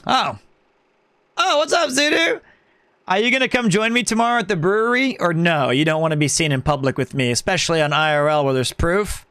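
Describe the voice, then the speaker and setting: A man's voice: fairly high pitch, fast talker, few pauses, fairly bright tone, smooth, no room sound. A man streaming a video game, chatting casually and rambling as he answers his chat, often correcting himself. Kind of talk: casual live-stream chat while gaming.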